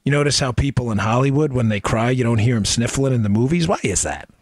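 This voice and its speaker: A man's voice: medium pitch, lively intonation, fast, a little mellow, no room sound. A man delivers a fiery political monologue as a talk show host, pressing his points with repeated, mocking questions. His voice sits in an ordinary middle range. The sound is dry and close, with no room around it.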